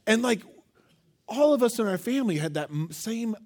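Lively, high-voiced male preacher. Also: moderate pace. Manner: animated storytelling, acts out quotes, asks the listeners questions. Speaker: pastor. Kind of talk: sermon.

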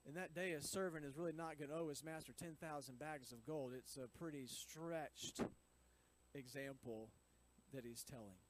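A man's voice: fairly high pitch, normal speed, a little hiss or hum, rough recording. A man reading scripture aloud and explaining it in a chatty teaching style, with frequent asides to his listeners. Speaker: Bible teacher.

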